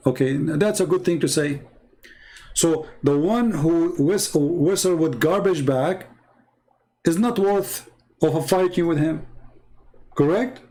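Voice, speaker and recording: A man hosting a live-stream debate reads out viewer comments and answers them in mocking, confrontational non-native English, firing off rhetorical questions. His voice is a little high and dark-toned, slow with frequent pauses, on a rough recording.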